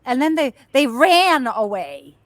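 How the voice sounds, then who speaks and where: A woman, a guest actress and stuntwoman, telling animated stories and acting out shouts and screams with frequent laughter. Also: sits high, measured pace. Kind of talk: animated storytelling.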